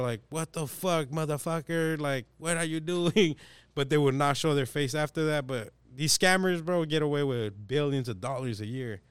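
A man's voice: fairly high pitch, smooth, no room sound. A young man hosting a casual podcast chat, animatedly telling a story in slangy, profane talk and acting out the people in it.

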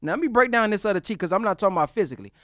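A man's voice: high voice, lively intonation, very fast, fairly bright tone, no room sound, clean studio sound. A man talking in a loose, preaching style with a lot of slang, acting out the voices of the people he quotes. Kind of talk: preaching-style casual talk.

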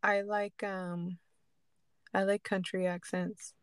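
A woman's voice: mid-range voice, slow pace, clear, resonant tone, no echo. Young woman podcast cohost, chatty n swears a lot, dry close sound. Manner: animated storytelling, swears casually. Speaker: podcast co-host. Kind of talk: casual chat.

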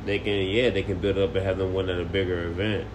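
A man co-hosting a casual podcast, explaining his views calmly and plainly. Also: deep voice, quick pace, background noise. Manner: calm, matter-of-fact. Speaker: podcast co-host. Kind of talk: casual chat.

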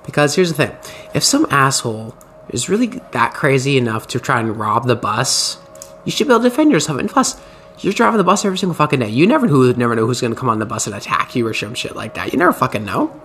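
Profane rambling podcast host, bright voice. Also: male voice, mid-range voice, big pitch swings, fast, a little hiss or hum. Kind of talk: casual chat.

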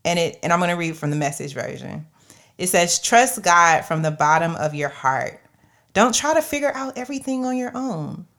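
A woman's voice: lowish voice, a bit bright. A woman co-hosting a podcast, reading scripture in a dramatic, theatrical voice. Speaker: podcast co-host. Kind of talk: casual chat and scripture reading.

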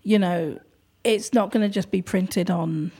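A woman who runs an art gallery, talking in a thoughtful, hesitant way with many pauses and ums. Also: lowish voice, mellow, slightly rough. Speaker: gallery owner. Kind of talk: casual conversation.

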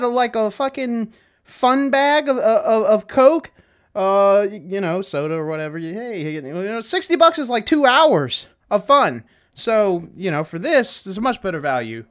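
Young man, podcast host, high voice, profane, joking, rambling. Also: big pitch swings, a little slow, fairly bright tone. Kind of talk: casual solo podcast monologue. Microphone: desk setup with webcam.

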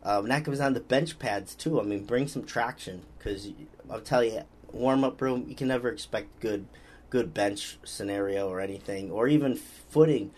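He's a podcast host with a lowish, darkish voice and a moderate pace, drifting casually from topic to topic. Along the way he reads out comments from viewers.

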